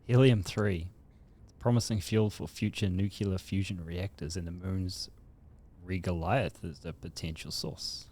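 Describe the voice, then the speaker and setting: A man's voice: low-pitched, fairly even intonation, unhurried, warm tone. A man co-hosting a podcast, laid-back and giggly, dropping short quips. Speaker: podcast co-host. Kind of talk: casual podcast banter.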